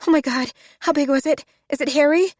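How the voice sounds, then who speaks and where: A woman voicing an expressive young woman in a romance audiobook, close and dry. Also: medium pitch, normal speed, no room sound, natural voice. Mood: panicked. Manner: animated, shrieks when startled. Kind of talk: audiobook character voice.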